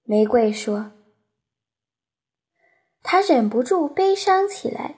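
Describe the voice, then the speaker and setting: Slow, lilting woman narrating a storybook. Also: high voice, very animated, darkish tone. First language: Chinese. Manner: slow, careful, lilting reading. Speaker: audiobook reader.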